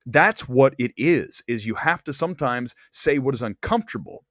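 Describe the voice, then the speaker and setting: A man's voice: moderate pace, no room sound, clean studio sound. Blunt, opinionated male movie host. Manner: blunt, opinionated, straight-talking; animated, climbs high when ranting. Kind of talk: box office commentary monologue.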